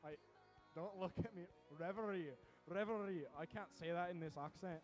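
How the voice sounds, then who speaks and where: A man giving lively, quick play-by-play commentary at a robotics competition, with joking asides between matches. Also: high voice, soft background music. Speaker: event commentator.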